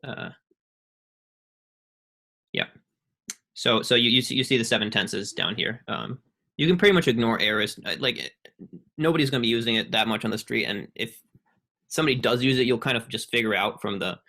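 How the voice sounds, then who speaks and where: A young man giving a casual student presentation on a video call, halting with many ums and restarts. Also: medium pitch, lively intonation, vocal fry, sharp tone. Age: young adult.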